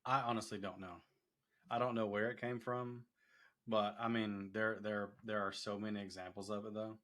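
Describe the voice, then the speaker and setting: A man co-hosting a casual chat, relaxed and hesitant, swearing offhandedly. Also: fairly low pitch, normal speed. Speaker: co-host.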